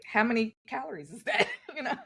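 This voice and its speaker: A woman co-hosts a podcast, speaking in a fairly high, gravelly, slightly rough voice a little quickly. She tells stories candidly and animatedly, acting out in quotes what other people said to her.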